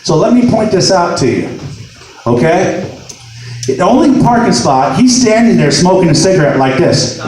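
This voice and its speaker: A male stand-up comedian with a high, lively voice that leaps all over the place as he spins profane stories. He pushes up to shouted punchlines. The sound comes from far off in a very echoey room. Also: normal speed. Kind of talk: stand-up storytelling.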